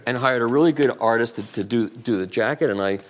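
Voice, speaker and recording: Man, mid-pitched voice, rambling casual talk, live audience event. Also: quick pace. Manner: rambling, chatty, with restarts and asides. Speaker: guest speaker at a live audiophile talk.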